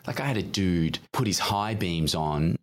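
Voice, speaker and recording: A young man with a fairly low voice hosts the chat at an easy pace. He asks questions and swaps stories in a relaxed, conversational way. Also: unhurried. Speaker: podcast host. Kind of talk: casual chat.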